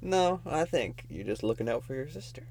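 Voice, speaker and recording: A man's voice: medium pitch, very animated, normal speed, a little mellow, a little hiss or hum. A man co-hosting a casual podcast, trading crude jokes and laughing often. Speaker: podcast co-host. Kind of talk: casual joking chat.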